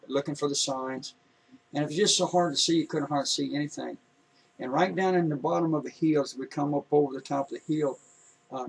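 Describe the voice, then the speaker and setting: A man's voice: medium pitch, husky, distant mic, poor audio. A man telling a personal testimony in a folksy, repetitive way. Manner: folksy, repetitive, building excitement. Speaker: storyteller.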